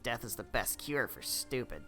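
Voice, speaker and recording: A man voicing a fierce old grandmother in a game, gruff and blunt. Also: mid-range voice, sing-song, normal speed, sharp tone, faint music behind.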